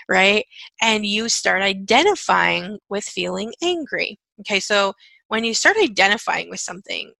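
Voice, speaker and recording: Bright gravelly-voiced woman guiding a clearing. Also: mid-range voice, expressive, normal speed, no echo, rough recording. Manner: repetitive chant-like phrasing; conversational, frequent "okay" and "right". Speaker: energy-clearing facilitator. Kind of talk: guided self-help talk.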